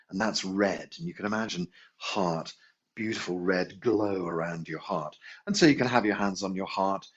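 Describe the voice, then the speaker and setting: A low-voiced man leads a meditation class, calmly guiding each breath and sounding long humming tones. His voice is husky and a little rough at the edges. The recording is dull and lo-fi. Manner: gentle, unhurried guidance with sung tones and hums. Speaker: meditation and qigong teacher. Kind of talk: guided healing class instruction.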